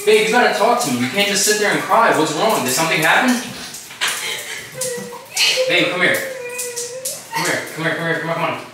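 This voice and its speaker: A man's voice: sits high, animated, a little fast, long pauses. A man in a bathroom, pleading and asking the same worried questions again and again. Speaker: boyfriend and co-host. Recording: echoey bathroom from far off, noisy.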